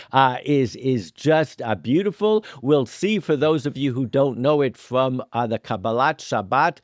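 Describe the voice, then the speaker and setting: A man co-hosting a podcast, reading and explaining scripture verses with emphatic pauses and frequent "uh" fillers. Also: medium pitch, dry recording, studio quality. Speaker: podcast co-host. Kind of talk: conversational scripture study.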